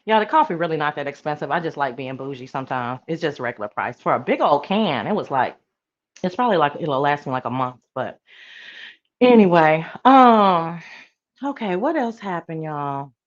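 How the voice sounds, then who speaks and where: A woman's voice: sits low, sing-song, moderate pace, lo-fi sound. A woman hosting a casual live-stream chat, talking in a playful, sassy, slang-filled way and answering her viewers. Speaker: live-stream show host.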